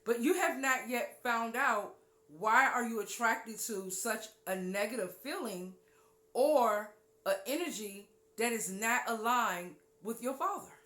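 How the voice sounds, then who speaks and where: Animated woman preaching in an echoey room. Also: a little slow. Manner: animated, acts out listeners' voices in a higher pitch; drops low and quiet on key points. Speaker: host of a spiritual talk show. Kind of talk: spiritual teaching monologue.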